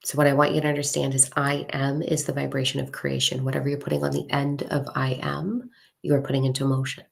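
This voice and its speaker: A woman spiritual coach talking casually and frankly to a live audience, swearing freely and slowing down to read a mantra. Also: a bass voice, completely flat delivery, vocal fry. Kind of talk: casual livestream talk.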